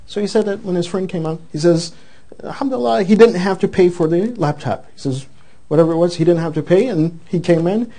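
Male preacher, high and warm-toned, animated storyteller mid-sermon. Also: brisk. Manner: animated storyteller, acts out the quoted voices.

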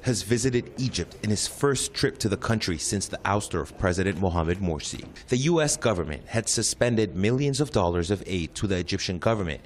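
A man reading a news report as a correspondent, in a measured, formal delivery. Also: low-pitched, expressive, slight background noise.

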